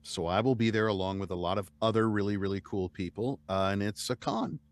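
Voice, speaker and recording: Fairly quick and lowish in pitch, this American audiobook narrator chats as a guest in an interview. He's lively and casual, spinning stories and breaking into laughter readily.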